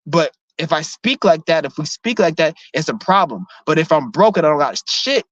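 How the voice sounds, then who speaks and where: A vlogger with a slightly high, animated voice and a fairly bright tone speaks at normal speed, ranting hotly at the camera. He's blunt, profane and confrontational, repeating himself and restarting sentences again and again. The recording is dull, lo-fi and dry.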